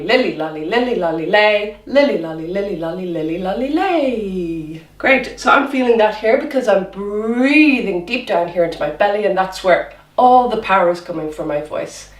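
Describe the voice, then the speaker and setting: A woman teaching a children's drama class online, encouraging them through voice and movement warm-ups. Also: on the low side, roomy sound, far from the mic. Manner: encouraging, demonstrating vocal exercises.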